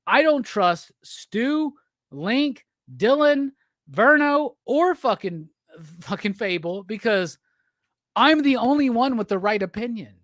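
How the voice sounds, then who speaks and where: A man's voice: sits high, a bit bright, no echo, studio quality. A man hosting a casual livestream chat, drunk, profane and teasing as he rambles. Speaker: livestream host.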